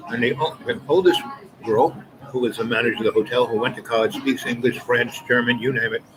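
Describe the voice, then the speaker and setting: A man telling a rambling personal anecdote, halting often and restarting his sentences. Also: mid-range voice, fairly even intonation, crowd noise, poor audio. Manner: halting, many restarts and repeated words. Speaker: storyteller. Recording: voice over clear background music.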